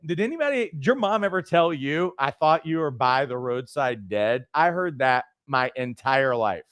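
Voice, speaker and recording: A middle-aged man and life coach trainer who teaches through animated, conversational personal stories. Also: medium pitch, moderate pace, few pauses, clean tone, no echo. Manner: conversational, lots of fillers and restarts, animated storytelling.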